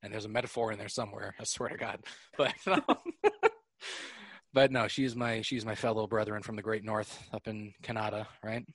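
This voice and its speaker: A man with a New York accent, hosting a casual podcast chat, animated and laughing often. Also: lowish voice, moderate pace, husky, no echo, clean studio sound. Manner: animated, laughing, swearing freely. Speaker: podcast host.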